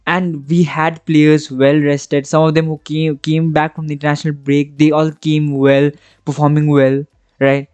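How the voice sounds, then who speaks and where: A man's voice: fairly high pitch, level tone, moderate pace, a little mellow, clear, resonant tone, no room sound. A man hosting a football reaction vlog, ranting with passion and exasperation, and often checking in with the listener. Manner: passionate, exasperated ranting with frequent tag questions. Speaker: football fan channel host.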